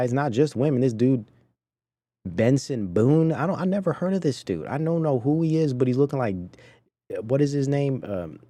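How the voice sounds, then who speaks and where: A man's voice: mid-range voice, dark tone. A man hosting a podcast, giving indignant, preachy commentary on video clips and talking to his chat. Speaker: podcast host.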